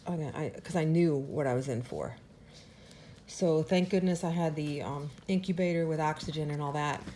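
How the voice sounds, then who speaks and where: A woman's voice: normal speed, warm tone, slight background noise. A woman dog breeder giving an earnest, emotional home update on her puppies. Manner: earnest and emotional, talks to the puppies in a high sing-song. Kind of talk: casual update to camera.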